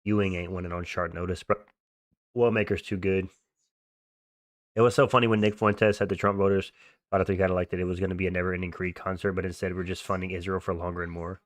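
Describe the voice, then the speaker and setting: A man's voice: sits low, level tone, quick pace, no room sound, studio quality. A young man hosting a livestream, chatting casually and answering viewer comments in slangy, offhand talk. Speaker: livestream host.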